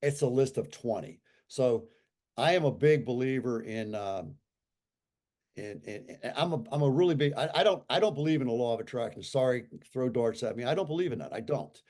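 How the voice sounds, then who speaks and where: A man in his sixties, a guest on an interview, who talks in an animated and emphatic way and repeats his points for effect. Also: medium pitch, a little fast. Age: 60s. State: recovering from a stroke. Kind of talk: casual conversational talk.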